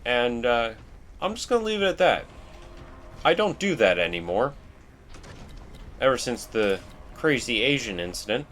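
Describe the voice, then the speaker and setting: A man's voice: mid-range voice, big pitch swings, normal speed, pauses often, a bit bright, slight background noise. A man rambling in casual, self-deprecating commentary while he plays a video game. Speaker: let's play host.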